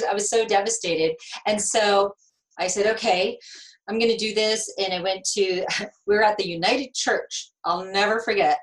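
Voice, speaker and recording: Middle-aged woman, interview guest, emotional and lively storyteller, medium pitch. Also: poor audio. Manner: animated, emotional storyteller with laughs and restarts. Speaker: guest, nurse and speaker.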